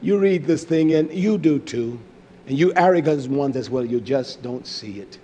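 A man preaching a fiery, confrontational sermon, swinging between loud shouts and hushed, drawn-out stresses and repeating key phrases. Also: mid-range voice, animated, slight background noise.

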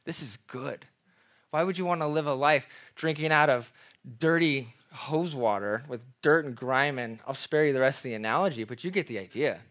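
A man's voice: mid-range voice, moderate pace. A man preaching a sermon as pastor, reading scripture with emphasis and acting out everyday examples. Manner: expressive preaching, reads scripture aloud with emphasis; acts out everyday examples in playful voices.

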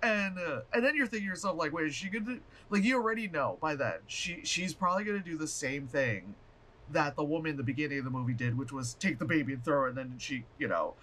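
A man reviewing a movie in a loose, rambling vlog style, swearing freely and laughing as he goes. His voice sits high and bright, bouncing around with lively pitch swings. He talks with loose, offhand energy. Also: fast. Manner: animated, profane, rambling with fillers and laughs.

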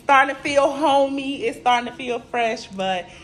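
A woman's voice: high voice, moderate pace, a bit bright. A tired, emotional woman vlogger giving a casual tour of her new apartment, talking straight to her viewers while holding a phone camera. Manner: chatty, keeps addressing viewers as y'all. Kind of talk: casual home tour vlog. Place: new apartment and building common areas, indoors.

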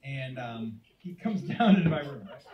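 A man in his forties telling an animated, conversational stand-up story. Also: medium pitch, normal speed, dull audio. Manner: animated, conversational, punchline-driven. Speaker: stand-up comedian. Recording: roomy, distant, noisy stage recording.

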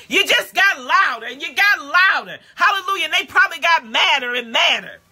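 A woman preaching a live-streamed sermon in a casual, call-and-response way that swings from low talk to shouted praise. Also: lively intonation, a little fast, hardly any pauses. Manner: casual street-talk phrasing. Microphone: phone or webcam live stream.

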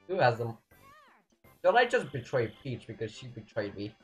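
A young man commentating his own gameplay, excitable, swinging between yelling and muttering at the game. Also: medium pitch, slow pace, faint music behind. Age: young adult. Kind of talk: let's play commentary.

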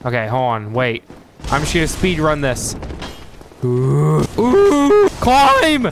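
A man giving live gameplay commentary, excitable and joking, who trash-talks enemies and yelps and shouts at the game. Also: medium pitch, measured pace, creaky. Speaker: streamer playing a video game. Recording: noticeable background noise.

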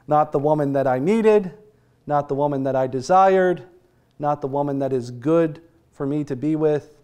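A man's voice: a little high, moderate pace, mellow, clear, resonant tone. A man with an American accent preaching a conversational sermon as pastor, asking rhetorical questions and chuckling now and then.

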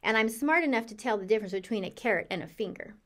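Woman, children's audiobook reader, lively hamster-narrator voice, slightly high. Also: quick pace. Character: cheerful curious hamster narrator. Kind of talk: storybook narration.

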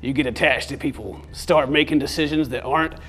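A man's voice: medium pitch, fairly quick, a bit bright. A man voicing a Southern male survivor in a put-on Georgia drawl. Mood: grumbling.

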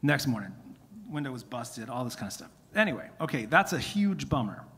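A man's voice: mid-range voice, sing-song, a little fast, fairly bright tone, husky. A man, a singer-songwriter whose voice is tired from singing, telling rambling, self-interrupting stories on stage between songs at a concert. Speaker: singer-songwriter performing live. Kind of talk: casual storytelling between songs. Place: music venue stage. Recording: live concert stream, long hall reverb.

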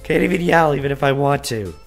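A man with a sick, hoarse voice hosting his own podcast in casual talk, swearing and running himself down. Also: medium pitch, fast, faint music behind. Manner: self-deprecating, swears casually. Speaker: podcast host. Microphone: podcast mic.

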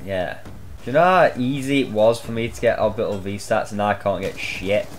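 A young man giving loud, swear-filled live commentary on his own gameplay, shouting out reactions as he plays. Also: lowish voice, moderate pace, slight background noise. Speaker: gaming channel host.

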